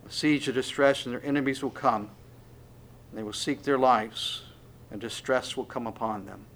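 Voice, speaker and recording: A man preaching an expository sermon, reading scripture verses and pressing them home emphatically, rising loud on the quotes. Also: mid-range voice.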